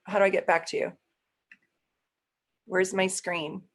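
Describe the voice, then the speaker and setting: A woman's voice: medium pitch, level tone, measured pace. A woman astrologer hosting a casual live stream, chatting with viewers, easily flustered and laughing often.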